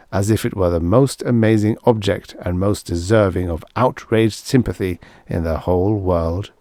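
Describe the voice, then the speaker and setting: A man narrating a science fiction novel as an audiobook in a measured storytelling manner. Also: lowish voice, dark tone, no echo, clean studio sound.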